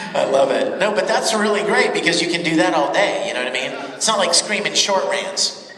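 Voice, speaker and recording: Animated man in an echoey convention hall. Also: high voice, a little slow, long pauses, distant mic. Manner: animated, laughing, chatty storyteller. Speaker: voice actor panel guest. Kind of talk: convention Q&A storytelling. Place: large convention panel hall. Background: crowd and room noise.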